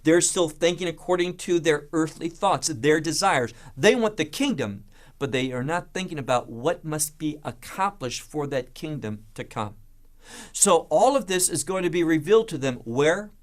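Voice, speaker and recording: A man's voice: on the high side, animated, normal speed. A man teaching a verse-by-verse Bible study, asking rhetorical questions and answering them himself, with an emphatic delivery.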